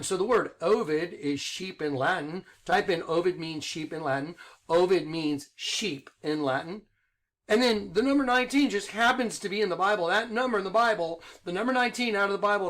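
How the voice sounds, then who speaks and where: A middle-aged online preacher with a high voice delivers an excited monologue straight into the camera. He's insistent, firing off rhetorical questions and hammering the same points over and over.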